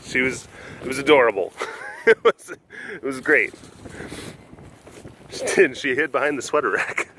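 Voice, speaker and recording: A man chats casually into a handheld camera as he walks around an outdoor animal sanctuary. He rambles, restarts his sentences and chuckles often. His voice sits at a middle pitch, and faint outdoor noise is heard behind him. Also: slow pace, long pauses, pushed and bright. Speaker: vlogger at a big cat facility. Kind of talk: casual walking vlog.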